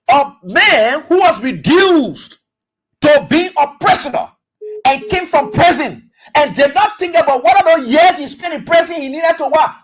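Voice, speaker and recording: A radio talk show host whose voice sits high, with a Liberian English accent, delivers an animated political commentary monologue, acting out dialogue and peppering it with rhetorical questions.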